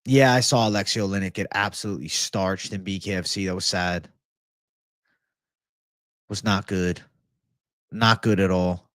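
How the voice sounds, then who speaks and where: A man's voice: sits low, fairly even intonation, normal speed, pauses often, a bit bright, dry recording, clean studio sound. A young man hosting a casual MMA livestream, swearing freely and answering chat in a laid-back way. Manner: profane, laid-back, reads chat aloud. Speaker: MMA show host.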